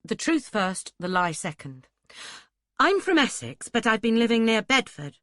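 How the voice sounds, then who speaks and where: A woman voicing a young woman disguised as a boy, answering in hesitant, halting bursts. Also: a little high, big pitch swings, fairly bright tone, dry recording, clean studio sound, pitched above the performer's own voice. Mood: guarded.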